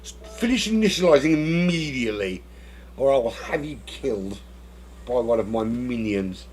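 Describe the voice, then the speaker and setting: A man's voice: medium pitch, expressive, moderate pace, a little mellow, soft background music, natural voice. A man putting on the voice of a menacing villain who threatens to send his minions. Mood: threatening. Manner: threatening, commanding.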